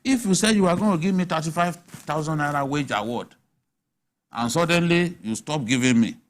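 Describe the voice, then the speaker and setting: A man's voice: a little high, brisk. A man with a Nigerian accent, speaking as a guest on a TV studio panel, arguing emphatically and asking rhetorical questions. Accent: Nigerian English. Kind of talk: animated studio panel discussion.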